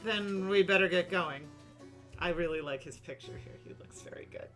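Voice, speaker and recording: A woman's voice: fairly low pitch, moderate pace, pauses often, fairly bright tone, soft background music. A woman streaming a story game, reading its dialogue aloud in playful voices and laughing often between lines.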